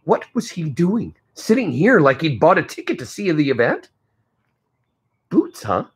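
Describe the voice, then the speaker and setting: Husky male teacher reading aloud. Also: on the high side, very animated, moderate pace. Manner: stops to comment on the story. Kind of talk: reading a novel aloud to a class.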